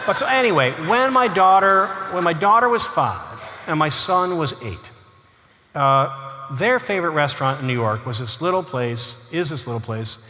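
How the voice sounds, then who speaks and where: A male author spins comic anecdotes with animated, chuckling delivery. His voice is high and bright with a wide swing in pitch. A long hall reverb and faint background noise surround him. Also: moderate pace. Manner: animated, chuckling asides, frequent "you know". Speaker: author giving a lecture. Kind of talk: humorous storytelling lecture. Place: large lecture hall.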